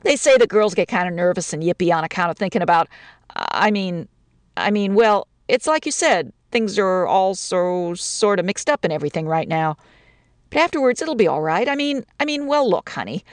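A woman's voice: mid-range voice, big pitch swings, moderate pace, no room sound, clean studio sound, natural voice. A woman reading a story, voicing an easygoing young newlywed husband who fumbles over folksy slang while trying to soothe his wife. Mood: placating.

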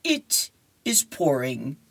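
A woman reading a comic strip aloud and voicing a suave cartoon beagle, speaking in slow, careful phrases. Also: low-pitched, wildly swooping pitch, breathy edge, full character voice.

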